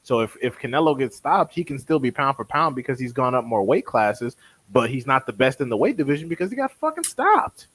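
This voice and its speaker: A man with a husky voice argues boxing opinions in a casual chat. His pitch leaps around as he mocks critics by imitating them. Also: fairly quick, rough recording. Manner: animated, mocking, mimics critics. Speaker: boxing podcast co-host.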